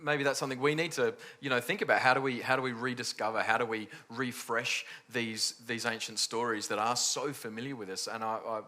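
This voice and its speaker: Male panel moderator with a bright voice, asks friendly questions and thinks aloud. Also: mid-range voice, fairly even intonation, brisk, few pauses. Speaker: panel host.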